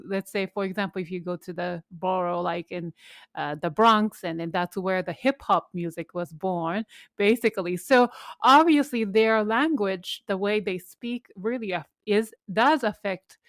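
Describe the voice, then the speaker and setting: A woman of middle pitch hosts a relaxed interview, speaking conversationally and padding her sentences with "you know". Her voice sounds dry and close, with little room around it. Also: dry recording. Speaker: podcast host. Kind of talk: casual interview chat.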